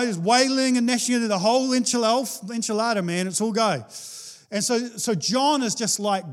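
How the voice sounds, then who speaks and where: High-voiced man preaching a lively sermon. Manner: animated, playful, acts out quoted voices with laughs.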